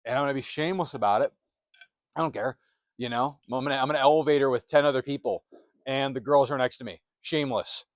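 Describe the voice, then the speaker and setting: A man's voice: medium pitch, fast, dry recording, dull audio. Emphatic man giving motivational advice. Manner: emphatic and repetitive, punchy short phrases. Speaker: self-help channel host. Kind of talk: motivational talk to camera. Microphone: close microphone.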